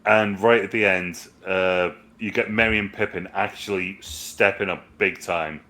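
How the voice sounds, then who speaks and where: A podcast co-host rambles through a casual movie review chat, swearing as he recounts scenes and quoting film lines in put-on voices. His voice is low-pitched, bright and forceful, with a steady tone and a slightly slow pace.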